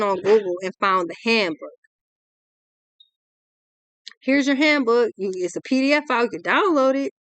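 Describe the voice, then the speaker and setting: A woman's voice: on the high side, lively intonation, moderate pace, long pauses, a bit bright, no room sound. A young adult woman, giving a ranting tarot reading in a blunt, exasperated, profane way. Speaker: tarot reader.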